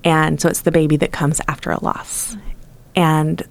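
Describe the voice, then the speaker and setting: A woman guest on a podcast, talking in a casual conversation and telling her story with animated, acted-out quotes of what others said. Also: deep voice, moderate pace, creaky. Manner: animated storyteller who acts out other people's lines. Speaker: supporter of parents through loss.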